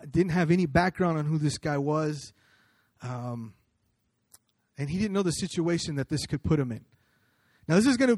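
A man's voice: fairly high pitch, darkish tone, dry recording, clean studio sound. A man preaching a sermon in a conversational storytelling way, with fillers and restarts as he recounts a personal story. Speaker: pastor.

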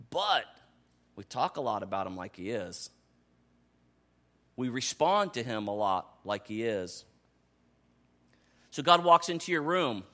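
A man in his thirties preaching a sermon in a conversational, animated way, dropping to soft asides and rising to excited calls. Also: mid-range voice. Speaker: pastor.

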